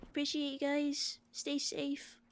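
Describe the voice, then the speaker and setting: A woman's voice: high voice, monotone, slow, a crowd in the background. A woman chatting in character during an online roleplay, sharing what she has seen.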